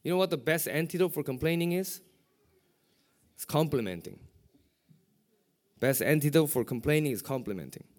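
A middle-aged man, a pastor, preaching a sermon with lively rhetorical questions. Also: on the high side, normal speed, long pauses.

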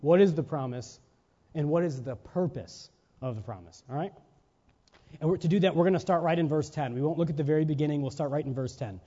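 Male preacher, high mellow voice, sermon with emphatic rhetorical questions, long church-hall reverb, dull lo-fi recording. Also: fairly quick. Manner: rhetorical questions and checks with listeners; emphatic, stressing single words.

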